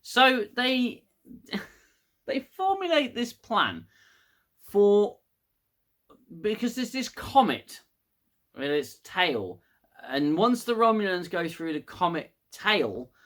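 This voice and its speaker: Brief: male reviewer, blunt and exasperated, bright forceful voice, slightly high. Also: wildly swooping pitch, slow pace. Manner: rambling, frustrated, frequent restarts and swearing. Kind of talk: casual review monologue.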